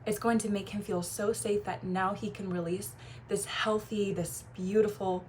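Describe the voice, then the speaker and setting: Young woman, casual vlog coach, warm gushing delivery, light background noise. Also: medium pitch, fairly even intonation. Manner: warm, gushing, quick laughs and playful quoted voices. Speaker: feminine energy coach. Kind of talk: casual talking-to-camera advice.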